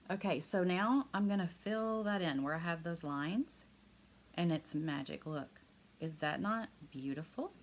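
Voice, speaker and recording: A woman teaching a live hand-lettering class online. She talks fast and excitedly, chatty and encouraging, and laughs often. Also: low voice, slight background noise. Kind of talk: live online craft lesson.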